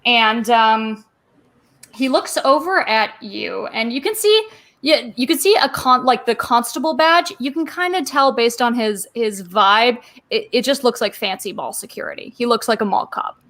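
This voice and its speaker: A woman narrating as game master of a tabletop game, giggling and halting with many fillers. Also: on the high side, animated, a bit bright.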